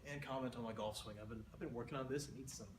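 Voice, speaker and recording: A man's voice: mid-range voice, steady tone, rapid-fire, background noise. Man joking through a mock lecture, roomy. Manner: playful, rambling, exaggerated asides. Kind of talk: comedic lecture sketch. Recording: roomy echo.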